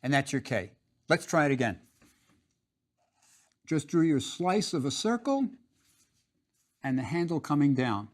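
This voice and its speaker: A man's voice: fairly high pitch, very animated, a little slow, long pauses. A man teaching a drawing lesson, patient and step by step, repeating each instruction.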